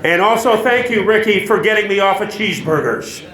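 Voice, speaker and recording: A man's voice: high-pitched, a little fast, fairly bright tone, a little hiss or hum. A man hosting an awards ceremony, joking as he introduces the next speaker. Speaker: master of ceremonies. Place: banquet hall. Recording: echoey hall.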